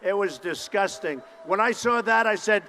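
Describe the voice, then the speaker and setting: A man giving a campaign rally speech, boastful and repetitive, with punchy phrases and bursts of shouting. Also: high-pitched, moderate pace, slight background noise. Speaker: political candidate at a campaign rally. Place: large indoor rally venue. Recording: long reverb of a large hall.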